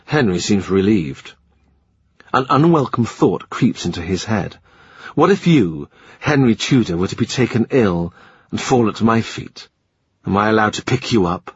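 A man narrating a historical novel in a measured, literary reading style. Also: on the low side, animated, husky. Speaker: audiobook narrator. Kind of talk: scripted narration. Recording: slightly muffled dry recording.

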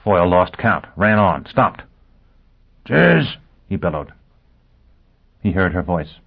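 A man reading a novel aloud as narrator, in a steady, measured way. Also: low voice. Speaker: audiobook narrator. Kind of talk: scripted narration. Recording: tinny lo-fi phone-like audio.

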